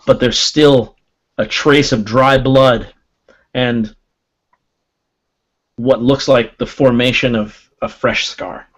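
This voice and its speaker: Male game master, slow deliberate pace, ominous narration, clicking in background. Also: mid-range voice, steady tone, rough recording.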